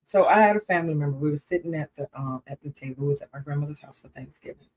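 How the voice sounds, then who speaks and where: Woman co-host, lively storyteller who laughs a lot, casual chat. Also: sits low, rapid-fire. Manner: animated storytelling, laughs often.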